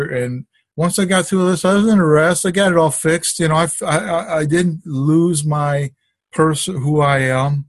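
A man's voice: on the high side, moderate pace, no echo. A middle-aged man sharing a personal faith testimony in a casual, rambling way, with restarts and asides, on a conference call. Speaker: testimony sharer.

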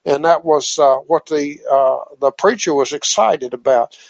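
A man telling a faith testimony over the phone in a folksy, halting way, with many fillers. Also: fairly high pitch, gravelly, dry recording. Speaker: caller giving a testimony. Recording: muffled phone line, dry.

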